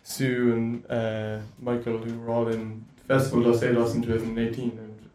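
Rambling event host. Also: male voice, mid-range voice, monotone, normal speed, darkish tone. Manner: loose, rambling, chatty with fillers. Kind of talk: casual stage announcements. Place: live venue in Cork. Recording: roomy live venue from far off, with audible noise.

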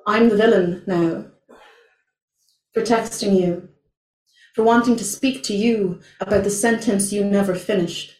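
A young woman performing a spoken word poem at an open mic, slow, deliberate and intense. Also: mid-range voice. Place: small venue, indoors. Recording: roomy, from far off.

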